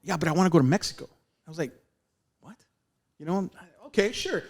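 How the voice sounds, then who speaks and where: A radio veteran guesting on a podcast tells a long story in casual chat, his voice on the high side and brisk. He's animated, acting out the lines of the people in the story.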